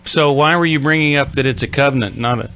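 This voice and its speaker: A man's voice: mid-range voice, quick pace, bright, forceful tone. A man hosting a call-in radio show who asks blunt, probing questions and cuts in often.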